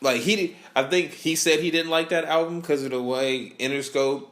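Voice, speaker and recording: A man's voice: on the high side, steady tone, moderate pace, fairly bright tone. A young man hosting a podcast, chatting casually in a laid-back, slangy way and laughing often. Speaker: podcast host. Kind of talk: casual chat.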